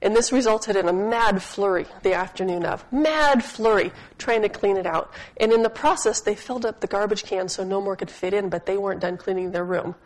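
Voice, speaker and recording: A woman's voice: medium pitch, a little fast, hardly any pauses, low-quality recording. Chatty, humorous woman preacher. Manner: asks the audience questions. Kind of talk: sermon.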